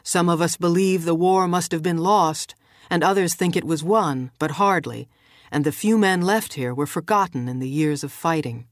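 A woman narrator voicing a calm, proud man in a lowered, measured, quiet way, from an audiobook. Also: no room sound, clean studio sound, natural voice. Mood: yearning.

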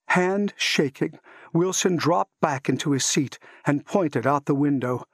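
Casting: male audiobook narrator, husky, unhurried, tense and dramatic. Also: a little high, dry recording, studio quality. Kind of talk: dramatic story reading.

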